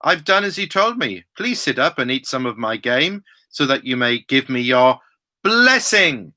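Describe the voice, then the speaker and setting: A man's voice: mid-range voice, big pitch swings, unhurried, pushed and bright, no echo, heavily acted. A man reading aloud the words of a worried younger son who deceives his father in a Bible passage. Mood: anxious.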